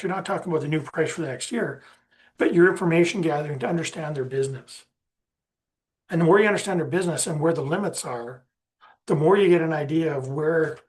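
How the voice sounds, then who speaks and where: A man presenting a lesson on negotiation in a conversational, rambling way, with many restarts and fillers. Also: on the high side. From Canada.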